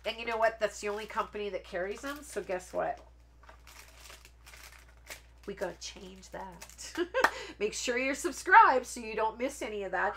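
A woman talks her viewers through a card making live stream. She rambles from topic to topic in a loose, chatty way and breaks into laughter often. Her voice sits at an ordinary middle pitch for a woman. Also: animated, unhurried, pauses often, a bit bright, slight background noise. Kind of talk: casual live stream chat while crafting.

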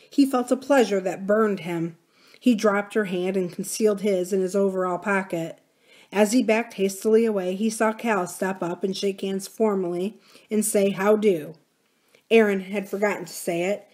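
A woman reads a novel aloud for a library's reading series. Her pitch sits in the middle range, and she raises her voice a little whenever a character speaks. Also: darkish tone. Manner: gives characters' lines a raised, livelier voice. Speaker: library reader.

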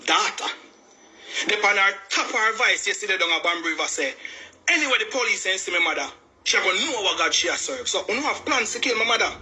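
Male, Jamaican accent, worked-up and emphatic, very bright, piercing tone. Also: high-pitched, animated, fast talker. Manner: agitated, repetitive, emphatic. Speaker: family member speaking out. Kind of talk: heated personal account.

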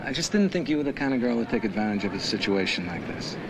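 An actor playing a stern but lenient middle-aged uncle who scolds in a measured way, on a noisy film soundtrack. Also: male voice, lowish voice, big pitch swings.

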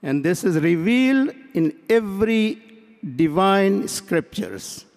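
Male convention speaker with a high voice, measured parable-telling, recorded in a big echoing hall. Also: animated, a little mellow. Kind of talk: welcome speech at a convention. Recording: long hall reverb.

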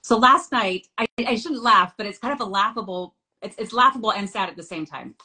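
A woman's voice: medium pitch, brisk, bright, forceful tone, low-quality recording. A middle-aged woman hosting a scripture study discussion. She talks in an earnest way, reads passages aloud and tells family anecdotes. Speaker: host.

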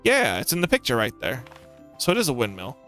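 A man hosting a let's play, giving jokey, excitable commentary and talking to himself as he plays. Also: mid-range voice, a little fast, loud music behind the voice. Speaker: gaming channel host.

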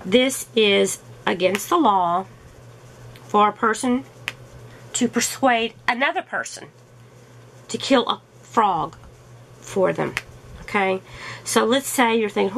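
A woman's voice: mid-range voice, animated, slow pace, creaky, pauses often, a bit bright, a little hiss or hum, rough recording. A middle-aged woman chatting casually to her viewers as a crafting vlogger, amused and full of rhetorical questions. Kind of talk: casual chat.

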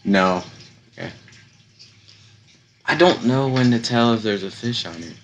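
A young man giving casual, slangy commentary while playing a video game, slightly hoarse from losing his voice. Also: mid-range voice, expressive, unhurried, a little hiss or hum. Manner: laid-back, slangy, chatty. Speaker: gaming YouTuber.

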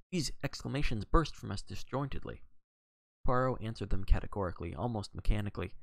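A man reading a novel aloud on a livestream, steady, with occasional slips he corrects. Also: on the low side, a little fast, vocal fry, dry recording. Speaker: audiobook reader.

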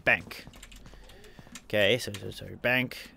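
A man's voice: on the low side, steady tone, fast, very noisy. A man commentating a video game as he plays, narrating every move, spelling out letters and repeating himself. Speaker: let's play gamer.

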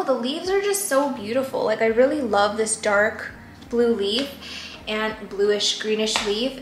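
A woman's voice: on the high side, a bit bright, echoey room, a little hiss or hum. A young woman vlogging casually about her houseplants at home, chatty and self-deprecating, recorded on a camera mic some distance away. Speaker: plant vlogger. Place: apartment room.

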